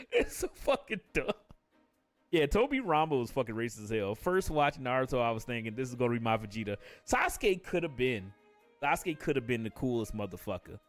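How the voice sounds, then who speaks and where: A man's voice: mid-range voice, big pitch swings, a little fast, no echo, soft background music. A man ranting casually on a live stream, swearing constantly, laughing often and jumping into quoted character voices.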